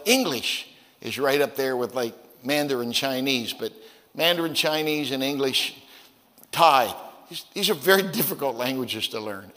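A man preaching a sermon as pastor, telling stories in a folksy, conversational way, with stammered repeats, dropping low and then rising to loud, emphatic peaks. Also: long reverb tail. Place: church sanctuary.

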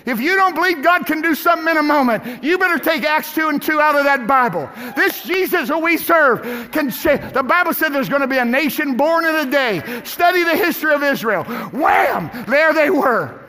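A man preaching a sermon as pastor, swinging from shouted climaxes to hushed drops. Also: very high-pitched, animated, moderate pace, hardly any pauses. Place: church sanctuary. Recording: echoey hall with music and congregation.

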